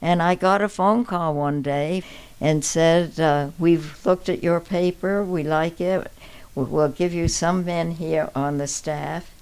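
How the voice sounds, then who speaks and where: An older woman telling stories from her life in an interview, halting, with many restarts and pauses, and laughing as she recalls them. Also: low voice, steady tone, a little mellow, clean tone. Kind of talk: reminiscing storytelling.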